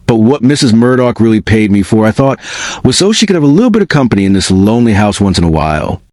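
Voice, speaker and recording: A man narrating a first-person spooky story in an expressive, unhurried way. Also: on the low side, no echo.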